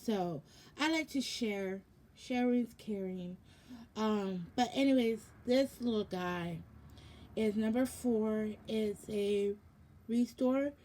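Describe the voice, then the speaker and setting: A woman's voice: mid-range voice, takes it slowly, mellow. A young woman chatting casually through a product unboxing, rambling with lots of ums and self-corrections, sounding sleepy and yawning. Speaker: vlogger.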